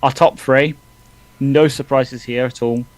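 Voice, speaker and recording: On a low-quality recording, an English man co-hosts a live football watch-along podcast, chatting casually at medium pitch with fairly even intonation. He reads out player ratings and stats quickly, in bursts.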